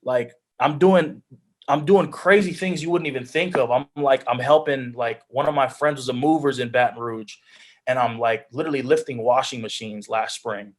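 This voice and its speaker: A man's voice: mid-range voice, normal speed. A man in his twenties, a pro football player, earnestly telling his life story as a guest on a video call, often quoting his own thoughts. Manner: earnest storytelling, drops into quoted self-talk.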